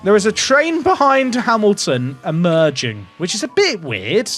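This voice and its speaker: Animated man with high voice. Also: unhurried. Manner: animated, jokey, swings between hype and mutters. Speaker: gaming YouTuber. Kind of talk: excitable game commentary.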